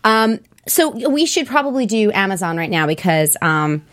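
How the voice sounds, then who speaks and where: A woman's voice: mid-range voice, big pitch swings, normal speed, a bit bright. A woman co-hosting a casual talk show, chatty, with many fillers. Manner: chatty, laughs often, with fillers. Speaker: co-host. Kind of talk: casual chat.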